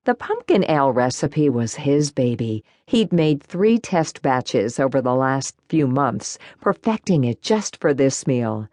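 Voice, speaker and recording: A woman narrating a first-person cozy mystery audiobook in an expressive, warm storytelling manner. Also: rumbling low, measured pace, few pauses, no room sound, studio quality.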